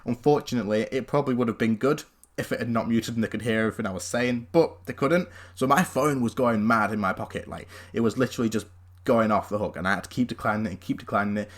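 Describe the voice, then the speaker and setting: A young man telling a story in a casual, animated way, often saying "literally". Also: medium pitch, fast talker. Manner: animated, chatty, leans on "literally". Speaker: gaming YouTuber.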